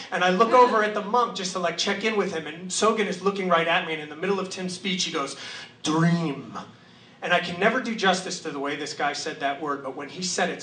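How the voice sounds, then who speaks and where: A male storyteller performs live before an audience, vivid and animated, swearing freely and sometimes sinking to a hush. His voice is high and bright. It comes from across a reverberant hall, with faint ambience behind. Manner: vivid, animated, profane, shifts to hushed reverence. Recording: echoey hall from far off.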